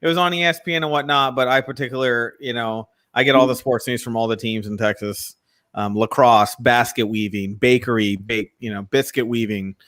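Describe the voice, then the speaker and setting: A man's voice: mid-range voice, fairly even intonation, brisk, a bit bright. A man co-hosting a casual sports chat, joking and sarcastic, often talking over his partner. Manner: joking, sarcastic, talks over the other host. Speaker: co-host. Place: Texas.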